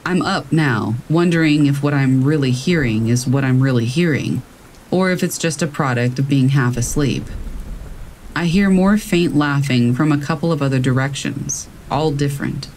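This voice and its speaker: A man narrating true scary stories in a slow, measured storytelling manner. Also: medium pitch, darkish tone, a little hiss or hum, poor audio. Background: rain.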